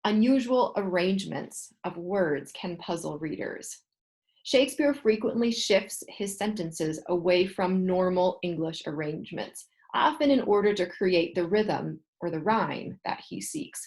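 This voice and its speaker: A woman teaching a class, reading a textbook passage aloud and explaining it in steady, patient asides. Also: on the low side, a little slow.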